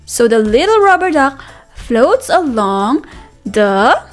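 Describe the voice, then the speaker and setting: A woman teacher reading a story aloud to toddlers, slow and sing-song, asking questions and counting along. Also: high voice, big pitch swings, faint music behind. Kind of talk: children's story time read-aloud.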